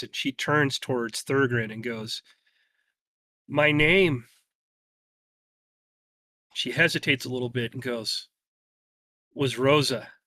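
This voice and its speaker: A man running a tabletop game, narrating a vision in slow, deliberate, dramatic storytelling. His voice sits a little high and sounds bright, recorded dry and close. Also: dry recording. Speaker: game master.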